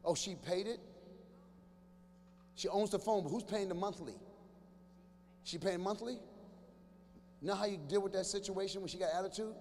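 High-voiced comedian in a reverberant hall. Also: male voice, moderate pace, long pauses, slight background noise. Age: 50s. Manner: animated, acts out other voices, banters with audience. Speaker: stand-up comedian. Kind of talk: stand-up comedy with crowd work. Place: large church hall before a live audience.

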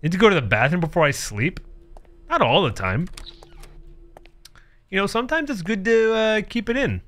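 A man's voice: high voice, very animated, normal speed, fairly bright tone. A man doing comedic commentary while playing a horror game, joking, sarcastic, laughing often and reading the game's text aloud. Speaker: gaming streamer.

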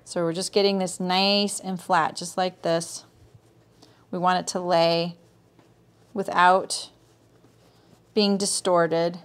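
A woman's voice: fairly low pitch, flat delivery, slow pace, pauses often. Woman teaching sewing on a livestream, chatty, says hi to viewers by name, keeps going "right?". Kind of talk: casual live sewing tutorial.

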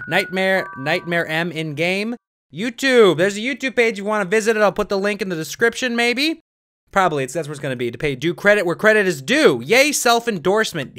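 A young man commentating his play of a horror game, jumpy and yelling whenever he is startled. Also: sits high. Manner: jumpy, shouting and screaming when startled. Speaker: gamer.

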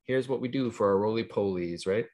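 A man leading songs for young children over a video call, friendly and quick to laugh. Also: on the low side, dark tone. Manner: friendly, laughs easily, chatty fillers. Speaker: early years facilitator. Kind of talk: children's singalong, casual.

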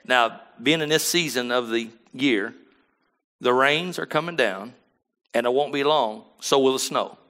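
A male pastor delivering a sermon in a bright, forceful voice of middle pitch. He sinks into low, soft asides, then lifts into loud, stretched-out emphasis on scripture, and keeps checking in with the congregation for agreement. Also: measured pace. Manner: swings from low murmurs to loud emphatic bursts.

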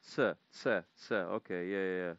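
Slow, low-voiced male gamer streaming. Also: clean tone, no room sound, lo-fi sound. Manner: playful, repeating foreign words to practice. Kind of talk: casual gaming live-stream chat.

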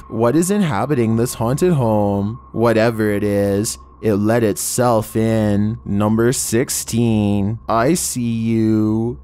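A man narrating a scripted horror video countdown in a measured, ominous way, drawing out each entry title. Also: medium pitch, mellow. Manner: measured, ominous delivery with slowed, drawn-out titles.

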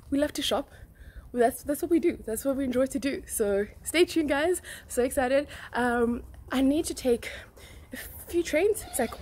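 A woman's voice: a little high, slight background noise. A young adult woman vlogging to camera in a chatty, bubbly, slangy way. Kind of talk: casual vlog to camera.

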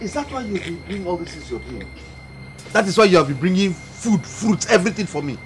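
A man's voice: sits high, big pitch swings, brisk. An exasperated Nigerian married man. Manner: exasperated, scolding. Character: married working man rebuffing an admirer. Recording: film scene with background music.

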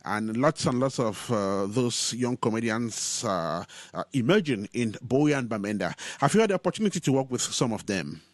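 A man's voice: mid-range voice, expressive, moderate pace, hardly any pauses, no room sound. A man hosting a radio interview, asking questions with frequent hesitations and fillers. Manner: hesitant, many "uh" fillers between phrases. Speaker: radio show host, interviewer.

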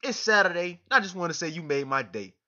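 A man's voice: high voice, animated, fast, pushed and bright. A man talking straight to camera in a vlog, effusive and emotional, repeating himself and dropping "man" at the ends of sentences. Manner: effusive, repetitive, keeps saying "man"; emotional, grateful. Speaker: boxing fan vlogger. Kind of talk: direct-to-camera vlog address. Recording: dull lo-fi recording.

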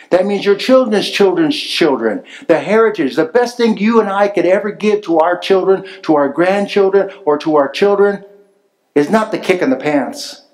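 A man's voice: a little high, a little mellow, low-quality recording. Emphatic male pastor preaching a sermon. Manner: emphatic preaching with repetition, rising on key phrases. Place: church sanctuary.

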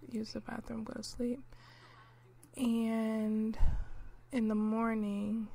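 A woman narrating her life-simulation gameplay in a relaxed, chatty way, with lots of fillers, clearing her throat now and then. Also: fairly high pitch, slow, a little hiss or hum. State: clearing throat, hiccuping and coughing. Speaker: gameplay commentator.

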